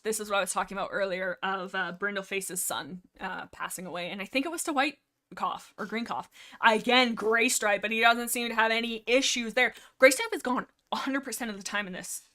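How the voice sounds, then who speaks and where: A woman with a bright, ringing voice chatting loosely through a livestream book discussion. She giggles often, trails off and restarts her thoughts, and rambles with a playful, self-mocking ease. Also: medium pitch. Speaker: livestream host.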